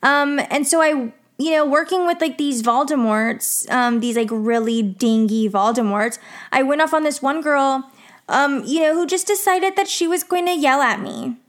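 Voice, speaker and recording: Young woman vlogger, a bit high, chatty storytime with lots of "like", swears freely. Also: moderate pace. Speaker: vlogger telling a work story. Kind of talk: casual storytime monologue.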